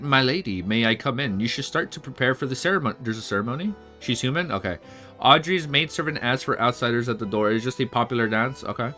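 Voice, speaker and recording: Bright-voiced man reading a novel aloud. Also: medium pitch. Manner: reads aloud haltingly, stumbling and restarting; breaks off into excited casual asides. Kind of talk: casual read-along reaction. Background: faint background music.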